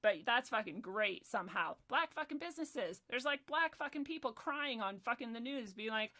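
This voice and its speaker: A woman's voice: a little high, animated, moderate pace, hardly any pauses, bright, forceful tone. A woman hosting a livestream, ranting in a heated, profane and sarcastic way, reading the chat now and then. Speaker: livestream host.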